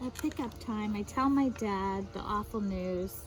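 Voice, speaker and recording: A woman reading a children's picture book aloud, her voice swinging widely as she explains each new word. She speaks a little high, and faint music plays underneath her. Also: unhurried, low-quality recording. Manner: animated, explains fancy words to children.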